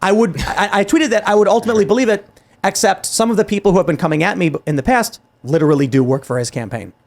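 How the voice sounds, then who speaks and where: A man hosts a political talk show as a podcast, delivering heated commentary in an animated, exasperated way. His high-pitched voice moves at a quick pace, full of restarts and acted-out quotes.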